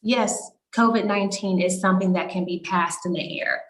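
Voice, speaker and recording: A woman's voice: mid-range voice, moderate pace, fairly bright tone. A woman doctor on a video call town hall, explaining health guidance in a reassuring way. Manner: reassuring, explanatory, frequent "you know". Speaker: doctor panelist.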